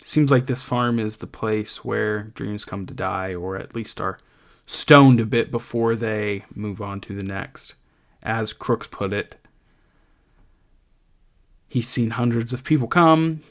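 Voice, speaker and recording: A male teacher walks students through a novel in a calm, conversational lesson. He talks slowly and pauses often with ums. His voice sits at a middling pitch. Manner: thoughtful, gently conversational, with frequent ums. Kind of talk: literature lesson with read-aloud excerpts.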